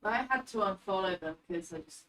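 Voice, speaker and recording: A woman joins a relaxed livestream, dropping in quick, chatty remarks from off camera. Her voice sits at a middling pitch, easy and conversational. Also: low-quality recording. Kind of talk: casual chat.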